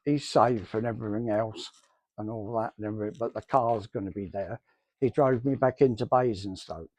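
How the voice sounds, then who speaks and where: A man's voice: fairly low pitch, a little mellow, no room sound. A middle-aged man telling his church testimony in a rambling way, acting out the dialogue he recalls. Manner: rambling storyteller, acts out quoted dialogue. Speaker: church member giving testimony. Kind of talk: spoken personal testimony.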